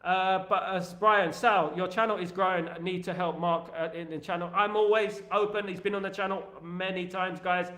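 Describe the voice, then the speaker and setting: Rambling London fan-stream host, slightly high voice, echoey room. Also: male voice, fairly even intonation, moderate pace, few pauses, a bit bright. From England. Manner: chatty, rambling, reads out viewer comments. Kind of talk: casual livestream chat.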